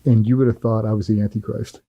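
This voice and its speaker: Dark-voiced man telling a blunt war story. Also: fairly low pitch, level tone, quick pace, creaky, poor audio. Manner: blunt, profane, vivid storytelling. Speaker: former Navy SEAL guest. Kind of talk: firsthand war story in an interview.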